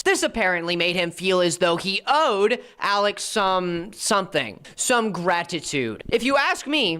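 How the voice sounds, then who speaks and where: A woman's voice: lowish voice, fairly bright tone. An American woman narrating a scripted commentary video, with sarcastic, mocking asides. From United States. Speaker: commentary YouTuber.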